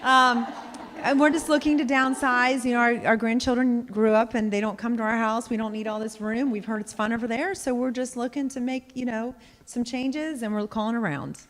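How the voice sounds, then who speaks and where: A woman's voice: on the high side, steady tone, normal speed, lightly acted. A woman playing a wary older woman, married sixty years, who is fielding a sales call and is in no hurry to commit. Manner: hesitant, brushing off a sales call. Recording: echoey hall.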